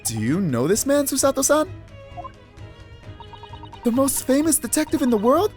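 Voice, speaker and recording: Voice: high-pitched, huge pitch swings, moderate pace, a little mellow, faint music behind, pitched above the performer's own voice. A player voicing an earnest young male law student in an exasperated, emphatic way. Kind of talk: let's play voice acting.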